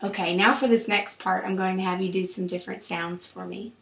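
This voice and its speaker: A woman clinician calmly guiding a patient through an oral exam, with steady, encouraging instructions. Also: mid-range voice, a little fast, vocal fry. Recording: roomy echo.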